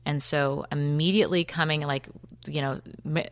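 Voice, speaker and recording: A woman in her thirties, a podcast guest, retelling events quickly and vividly, acting out what people said. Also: deep voice, fairly even intonation. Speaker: interview guest. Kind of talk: recounting a personal story.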